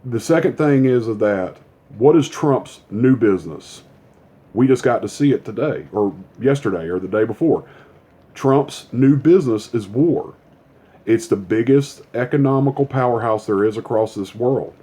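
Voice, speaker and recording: A man in an angry, swear-laden rant, his tone dark and mellow at an average pitch. He hammers his points home with emphatic repetition. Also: moderate pace, breathy edge. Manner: profane, heated, emphatic. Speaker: commentator.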